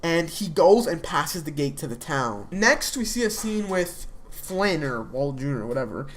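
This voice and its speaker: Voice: medium pitch, very animated, moderate pace. A young adult speaker recapping a TV episode in a casual, rambling way, full of fillers and restarts. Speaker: TV episode reviewer.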